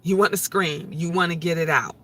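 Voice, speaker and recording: A woman's voice: fairly low pitch, fairly even intonation, a little fast, pushed and bright, a little hiss or hum. A middle-aged woman talking on her vlog livestream in a heartfelt, emotional and repetitive way. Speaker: vlogger. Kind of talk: casual livestream talk.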